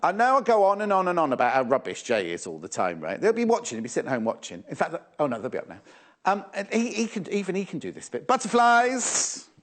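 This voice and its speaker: A man's voice: on the high side, huge pitch swings, quick pace. A man presenting fabrics live on a shopping channel, chatty and teasing, often repeating prices and stock levels.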